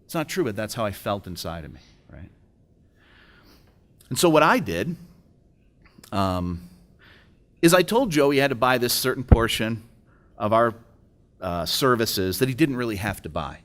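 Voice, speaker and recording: This middle-aged man's voice is medium in pitch, fairly bright, and sing-song, moving at a moderate pace with frequent pauses. Speaking at a business breakfast in an event hall, he delivers an emotional personal testimony, recounting a story and performing the dialogue.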